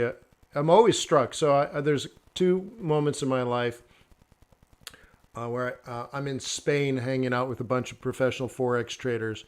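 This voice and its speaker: A man hosting a trading livestream, rambling through joking anecdotes in a casual way. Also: mid-range voice. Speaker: forex livestream host.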